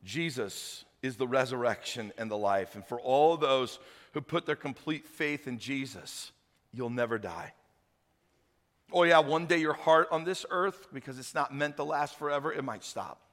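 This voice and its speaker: A man preaching a sermon as pastor, telling the story with acted voices, loud shouted peaks and hushed appeals. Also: mid-range voice, expressive, moderate pace, big-room sound. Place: church hall.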